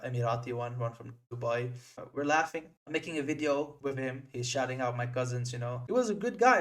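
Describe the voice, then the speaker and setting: A young man, a native Dutch speaker, tells a story in a brash, boastful, lively vlog style with some swearing. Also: fairly high pitch. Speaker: vlogger.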